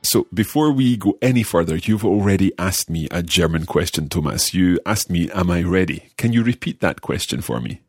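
A man hosting a podcast language lesson, guiding it in a friendly, measured way as he learns along. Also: low-pitched, lively intonation, breathy edge, no echo, studio quality, faint music behind. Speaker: language course host and learner.

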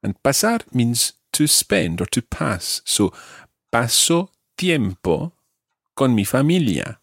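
A man's voice: medium pitch, very animated, fairly bright tone, slightly rough, dry recording, studio quality. A man teaching Spanish, patiently modelling verb forms and stress for a learner to repeat. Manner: patient, models pronunciation slowly. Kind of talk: language lesson drills.

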